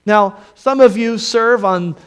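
A man preaching a sermon, reading scripture and dwelling on key words with slow, emphatic phrasing that sinks soft at the ends. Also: high voice, clear, resonant tone.

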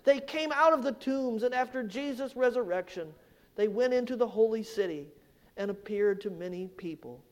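A man preaching a sermon, slow and emphatic, swelling louder on key points and dropping low and soft at the ends of phrases. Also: animated. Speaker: pastor.

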